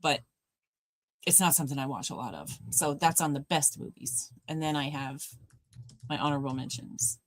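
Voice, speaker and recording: A woman's voice: sits low, normal speed, dry recording. A woman co-hosting a live movie watch party, chatting casually and rambling about films, laughing often.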